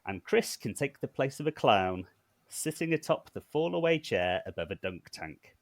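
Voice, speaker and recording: A man's voice: mid-range voice, big pitch swings, moderate pace, dry recording. A man, a podcast co-host reading out a prepared scheme in a wry, mock-formal way.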